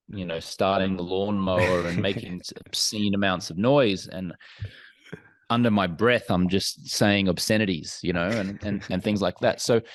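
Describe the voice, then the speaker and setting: Low-voiced, candid male podcast guest. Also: dry recording. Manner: frank, self-examining, measured. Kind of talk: candid, reflective interview talk.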